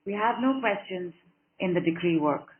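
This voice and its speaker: A woman's voice: fairly low pitch, lively intonation, moderate pace. Woman, group coach, encouraging, repetitive chanting phrases, tinny phone-like call audio. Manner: encouraging, affectionate, repeats phrases rhythmically. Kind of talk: guided group session over a call.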